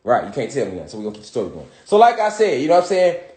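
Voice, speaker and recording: A man's voice: mid-range voice, wildly swooping pitch, racing, dark tone. A man teaching a casual, rambling lesson from home, profane and full of repeated "you know what I'm saying.". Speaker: spiritual teacher. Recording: roomy echo.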